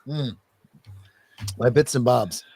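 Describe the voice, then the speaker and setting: A man's voice: mid-range voice, takes it slowly, dark tone, breathy edge. A man hosting a podcast in casual chat, reading contributor bios aloud in a rambling, joking way that is full of swearing and laughter. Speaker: podcast host.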